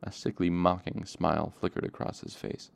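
A man reading a novel aloud in a plain, steady narration. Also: low-pitched, moderate pace, gravelly, no echo. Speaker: audiobook reader.

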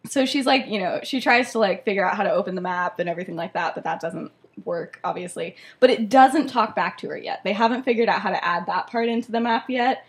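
A woman's voice: mid-range voice, quick pace. A young woman chats her way through a story on a podcast she co-hosts. Her voice sits in a middle register, and her delivery rambles, padded with "like" and "um" as she goes. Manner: rambling, full of "like" and "um". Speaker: podcast co-host. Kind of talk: casual storytelling chat.

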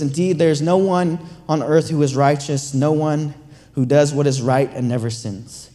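A man's voice: a little high, a little mellow. A man preaching a sermon in a conversational, storytelling way, often repeating words as he restarts a thought. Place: church sanctuary. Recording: long reverb of a large church hall.

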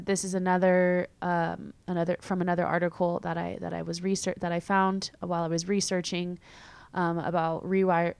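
A young woman hosting a podcast, talking casually and candidly with many fillers and quick laughs. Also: fairly low pitch, a little mellow, clear, resonant tone, dry recording. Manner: chatty, filler-heavy, candid, laughs easily. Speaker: podcast host. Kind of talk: casual solo podcast chat.

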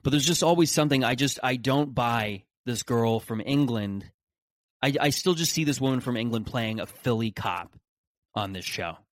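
A man's voice: medium pitch, moderate pace, no room sound. A man hosting a podcast in a casual solo monologue, rambling and sarcastic, with frequent restarts. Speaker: podcast host.

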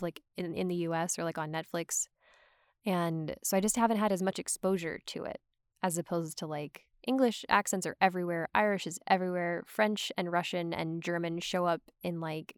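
A woman's voice: fairly low pitch, smooth, no echo, clean studio sound. A woman talking in a casual chat, full of "like" and "um" fillers. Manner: chatty, lots of "like" and "um" fillers.

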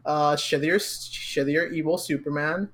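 A man's voice: a little high, fairly even intonation, measured pace, fairly bright tone. A young man co-hosting a casual podcast, joking sarcastically and often restarting his sentences. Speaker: podcast co-host. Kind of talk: casual chat.

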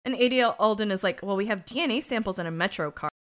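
A woman's voice: mid-range voice, rapid-fire. A woman co-hosting a podcast, recapping a TV episode in casual chat, blunt and swearing as she acts out characters' lines. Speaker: podcast co-host.

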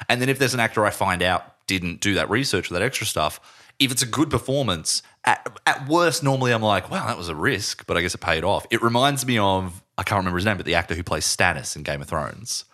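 A man's voice: lowish voice, a little fast, pushed and bright. A man co-hosting a casual film-review chat, rambling and swearing freely as he tells stories. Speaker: podcast co-host.

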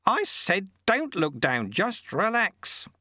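A man voicing a calm, kindly old male sweeper monk who speaks in a gentle, reassuring way. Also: sits high, slow pace, no echo, studio quality, pitched above the performer's own voice, exaggerated voice.

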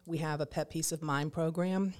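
A woman guest in an interview, an educational coordinator explaining care programs in a clear, informative way. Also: sits low, steady tone, moderate pace, a little mellow.

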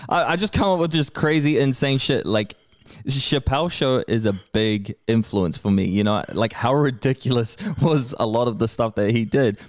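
A man's voice: mid-range voice, dry recording. A man, talking brashly as a podcast guest, swearing freely and laughing often. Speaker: podcast guest, rapper and comedian. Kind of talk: casual podcast conversation.

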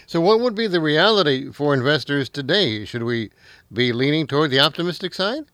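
A man's voice: a little high, lively intonation, brisk, a bit bright. A man hosting a radio show, asking a guest questions in a conversational, prompting way.

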